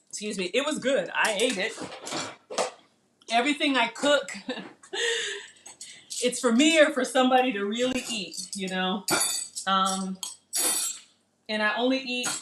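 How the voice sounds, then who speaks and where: A woman's voice: a little high, measured pace, pauses often, noisy background. Middle-aged woman, casual live cooking host, bubbly and chatty. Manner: chatty, excitable, talks while eating.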